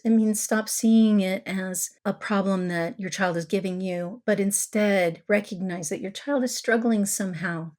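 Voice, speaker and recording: A middle-aged woman therapist hosting a parenting podcast, teaching in a calm, coaching way and repeating key words for emphasis. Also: mid-range voice.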